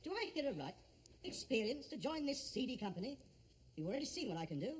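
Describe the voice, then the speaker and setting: A pompous would-be Shakespearean ham. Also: male voice, very high voice, sing-song, fast, a little hiss or hum. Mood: indignant. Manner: grandiose, self-important, bluster. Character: pompous vain would-be Shakespearean actor, man. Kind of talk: 1950s radio comedy acting.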